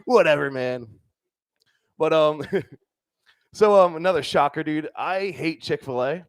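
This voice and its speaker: A young male comic works a club stage with a loose, crude delivery and keeps tagging lines with "dude" and "right?". His voice sits a little high for a man. The handheld mic sound is close and dry, with no echo. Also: unhurried, clear, resonant tone. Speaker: stand-up comedian. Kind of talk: stand-up comedy set.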